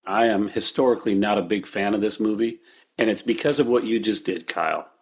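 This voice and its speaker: A man's voice: fairly low pitch, brisk. A man on a movie podcast, talking in a wry, mock-exasperated way. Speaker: podcast co-host. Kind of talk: casual movie podcast chat.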